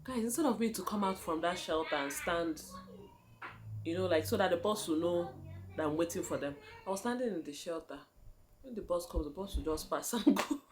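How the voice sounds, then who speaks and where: A young woman with a Nigerian accent chats to her viewers in a casual vlog, laughing often as she tells her story. Her pitch swings widely, so her telling sounds animated, and she keeps calling out to her audience as guys. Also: fairly quick, noisy background. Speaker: vlogger.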